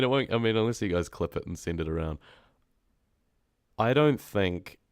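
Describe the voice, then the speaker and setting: A young New Zealand man talks loosely to his stream audience, wandering from thought to thought and letting sentences trail off. His voice sits very low. The sound is dry and close, with no room around it. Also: smooth, no room sound. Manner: rambling, chatty, often trailing off. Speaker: horror story narrator chatting on a livestream. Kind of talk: casual livestream chat.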